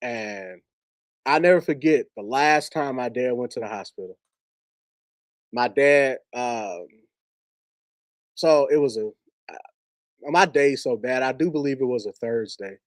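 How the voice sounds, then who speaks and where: A man telling a personal story on a livestream as its host, talking candidly with halting restarts. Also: mid-range voice, dry recording, clean studio sound. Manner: candid, halting, laughs while telling stories.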